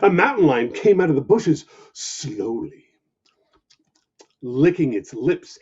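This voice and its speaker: A man reading a children's story aloud with animated, expressive narration. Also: medium pitch, measured pace, husky. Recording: dull lo-fi recording.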